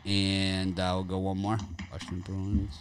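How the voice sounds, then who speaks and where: A man's voice: low voice, monotone, measured pace, slight background noise. A man hosting a sports betting show in a studio, teasing his co-hosts and laughing as he runs through the games. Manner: teasing, laughing, mock golf-commentary whispers. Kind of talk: casual studio banter.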